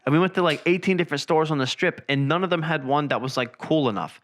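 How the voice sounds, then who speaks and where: A man's voice: fairly high pitch, fast talker, a bit bright. A young man hosting a podcast, telling rambling stories in casual chat, loose and profane. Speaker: podcast host. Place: indoor room, seen on camera.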